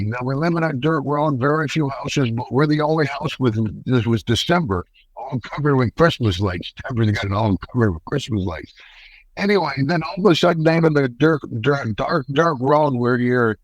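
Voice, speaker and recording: An older American man, a retired wrestler, telling a story in a folksy, animated way and acting out the quotes. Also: on the high side, moderate pace, rough recording. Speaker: podcast guest, retired wrestler. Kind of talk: casual storytelling interview.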